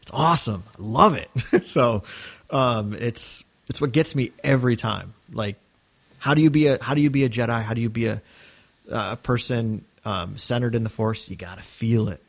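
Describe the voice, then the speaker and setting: A man's voice: medium pitch, normal speed, vocal fry. A man co-hosting a podcast, talking earnestly and enthusiastically in casual chat, with many fillers and restarts. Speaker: podcast co-host.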